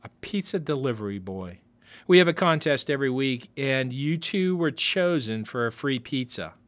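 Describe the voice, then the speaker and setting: A man voicing a calm, easygoing teenage boy who speaks in a low-key way. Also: moderate pace, lightly acted.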